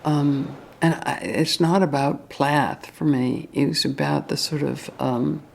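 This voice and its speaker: Woman poet, hesitant reflective talk, gravelly voice. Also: deep voice, steady tone, unhurried. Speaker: poet interviewee.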